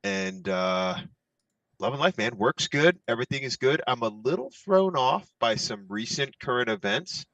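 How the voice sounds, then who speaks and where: A man's voice: medium pitch, big pitch swings, normal speed, vocal fry, a bit bright, no echo, lo-fi sound. A middle-aged man co-hosting a podcast in laid-back, easygoing chat. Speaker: podcast co-host. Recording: distant mic, dry.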